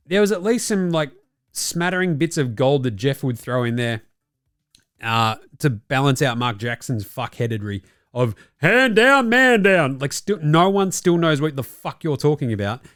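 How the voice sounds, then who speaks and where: A man's voice: mid-range voice, lively intonation, normal speed, dry recording, clean studio sound. An Australian man hosting a basketball podcast, giving blunt, profane opinionated commentary. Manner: profane, ranting, does mocking quoted voices. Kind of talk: opinionated sports commentary chat.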